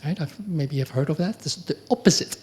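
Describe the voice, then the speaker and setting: A middle-aged man, a monk giving a conversational dharma talk, often asking the audience questions and acting out quoted exchanges. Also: brisk. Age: middle-aged or older. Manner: acts out quoted exchanges with lively pitch jumps. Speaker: Buddhist monk teacher.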